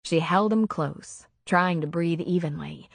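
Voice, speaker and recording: Woman reading a romance audiobook, slow and low, dry close sound. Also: creaky, husky, no echo. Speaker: audiobook narrator. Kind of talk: scripted audiobook narration.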